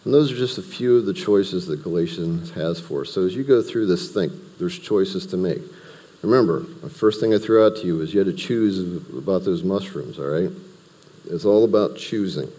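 Male Bible teacher, low dark voice, relaxed conversational teaching, reverberant hall. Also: normal speed. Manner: conversational, explains verse by verse with restarts and asides.

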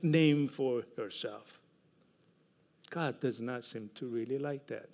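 Male pastor, unhurried sermon delivery with loud emphatic peaks and hushed asides; mid-pitched voice.

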